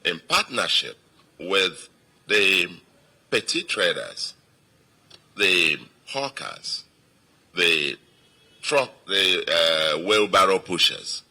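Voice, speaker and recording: Very deep-voiced Nigerian man, emphatic. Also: sharp tone, slightly rough. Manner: emphatic, repeats phrases for weight. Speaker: state governor. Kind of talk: victory speech to supporters.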